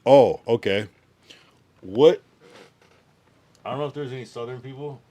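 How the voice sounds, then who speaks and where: A man's voice: medium pitch, measured pace, dark tone, no room sound. A man livestreaming, chatting loosely with slang and swearing while reading viewers' messages aloud. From United States. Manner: loose, slangy and profane, reacts to chat messages.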